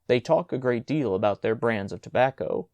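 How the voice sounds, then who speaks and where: An easygoing school chaplain in a storybook, voiced by a male narrator, talking in a soothing, reasonable way with a mellow tone. The recording is dry and close. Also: medium pitch, animated, moderate pace, vocal fry, dry recording, highs cut off.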